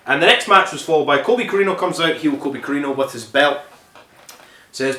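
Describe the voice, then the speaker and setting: A man hosting a wrestling review podcast, recapping matches in a casual, rambling way and swearing constantly, often pausing on ums and correcting himself. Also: a little high, animated, sharp tone. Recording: echoey room, distant mic, faint music.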